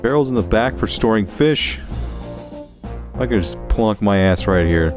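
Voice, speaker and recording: A man with a notably deep voice narrates his game in a casual, joking way. His pitch swings widely as he reacts, jumping up sharply when things go wrong. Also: measured pace, music in the background. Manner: animated, jokey, yelps at mishaps. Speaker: gaming creator. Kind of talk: casual gameplay commentary.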